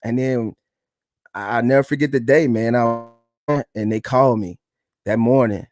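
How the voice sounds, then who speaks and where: A man's voice: medium pitch, moderate pace. A man in his thirties, a podcast co-host, telling a personal story in a casual, earnest and reflective way, often calling the listener "man".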